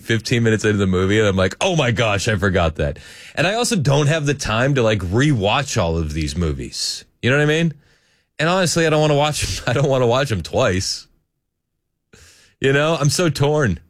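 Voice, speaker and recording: A man's voice: medium pitch, very animated, fairly quick, dry recording, clean studio sound. A man, hosting a talk radio show in a chatty, joking way with frequent laughter.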